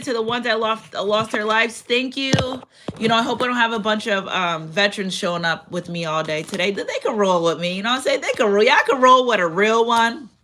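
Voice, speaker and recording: A woman does a casual spiritual card reading as a tarot reader, chatty and repetitive, repeating phrases and reading affirmations aloud. Her voice is mid-range, brisk and sharp in tone.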